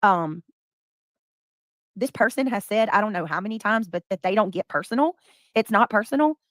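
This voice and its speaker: A woman hosts a casual livestream and greets her viewers one by one by name. She has a middle-pitched voice. Her mic is close and dry, with no room sound. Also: lively intonation, normal speed, a bit bright, no room sound. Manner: greets chatters by name, breaks into bits of song. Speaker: livestream host.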